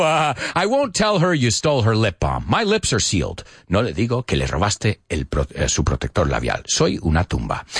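Male radio teacher, rapid, playful, swooping intonation, dry close mic. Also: on the low side, breathy edge, no room sound. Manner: lively, teasing, switches between English and Spanish; talks fast. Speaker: English teacher and radio show host. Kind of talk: bilingual English lesson, casual.

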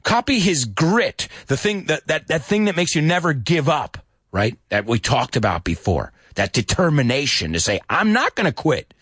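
A middle-aged man, teaching English in a lively bilingual lesson that mixes English and Spanish. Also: fairly high pitch, moderate pace, slightly rough, dry recording, studio quality. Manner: animated, switches between English and Spanish, sings lyric snippets.

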